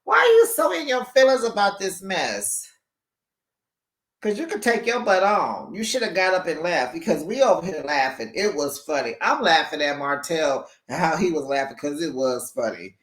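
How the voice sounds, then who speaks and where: A recap YouTuber chatting casually about a reality show, laughing often and talking with lively slang into a microphone held back from the mouth. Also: medium pitch, moderate pace, roomy sound. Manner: laughs often, gossipy and animated, uses slang. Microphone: USB microphone held back from the mouth.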